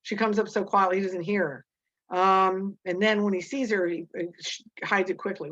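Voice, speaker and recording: A woman teacher explaining a novel chapter and reading passages aloud, halting with many fillers and restarts. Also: medium pitch, fairly even intonation, a bit bright, dull audio.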